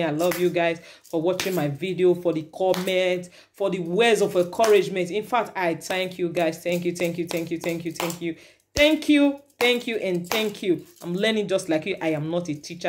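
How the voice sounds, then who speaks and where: A woman's voice: lowish voice, a little mellow, slight background noise. A woman with a Nigerian accent, a mother and vlogger, giving earnest advice to her viewers in casual talk, switching between Pidgin and English.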